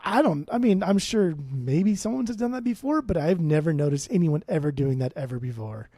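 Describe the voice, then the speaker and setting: Dude on a podcast, hyped and sweary, slightly high voice, dry mic. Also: male voice, expressive, brisk, mellow, no echo. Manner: enthusiastic, swears, talks in fits and restarts. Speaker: podcast co-host. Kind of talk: casual chat.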